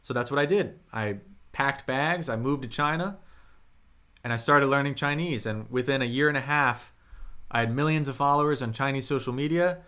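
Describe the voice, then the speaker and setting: A man's voice: mid-range voice, normal speed, sharp tone. A young man teaching Mandarin on a live stream, chatting casually, answering viewers and sounding out the tones. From United States. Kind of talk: live-streamed language lesson.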